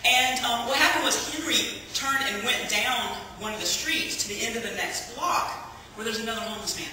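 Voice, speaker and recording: A woman tells a personal testimony in a very bright, ringing voice, acting out each exchange like a lively storyteller. She sounds far from the mic in a big echoey hall with long reverb, and faint ambience underneath. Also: fairly high pitch, fairly quick, a little hiss or hum. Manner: lively storyteller who acts out dialogue and laughs often. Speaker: speaker giving a testimony. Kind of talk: personal testimony to a church audience.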